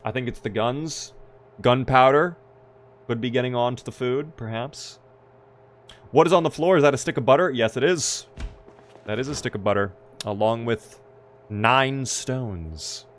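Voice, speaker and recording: A man's voice: medium pitch, unhurried, slight background noise. A man casually commenting on his gameplay on a live stream, chatty and playful, joking with his chat.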